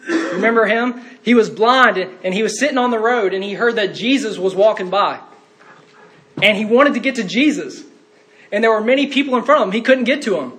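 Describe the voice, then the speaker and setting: A man's voice: high-pitched, a bit bright. A man preaching a sermon in an earnest way, rising to fervent cries when quoting.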